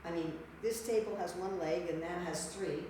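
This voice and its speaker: A woman's voice: lowish voice, moderate pace, dark tone, a little hiss or hum. A woman teaching a class, quizzing her listeners and sorting their answers into right and wrong. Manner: quizzing the audience, repeating and judging their answers. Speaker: lecturer. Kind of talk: interactive class lecture. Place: lecture hall. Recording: echoey hall from far off.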